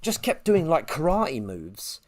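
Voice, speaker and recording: A podcast co-host tells a rambling story with a lively, swooping delivery. His pitch sits a little high and leaps even higher when he quotes people. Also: measured pace. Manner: animated storyteller, jumps pitch for quoted voices. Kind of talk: casual anecdote telling.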